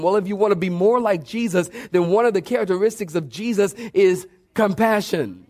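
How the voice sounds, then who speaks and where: A male pastor preaching a sermon to a congregation, swinging between soft emphasis and fervent, high-pitched exhortation, sweating as he goes. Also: lively intonation, fast talker, few pauses. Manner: preaching with rising fervor and dramatic pitch swings. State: sweating from exertion.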